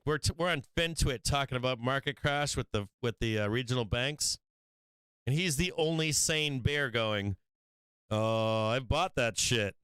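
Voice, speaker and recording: A man's voice: medium pitch, a bit bright, clean tone, no room sound. Brash, profane man talking trading. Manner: brash, profane, laughs often, rambling. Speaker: livestream market show host. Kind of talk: casual livestream trading talk. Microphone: studio microphone.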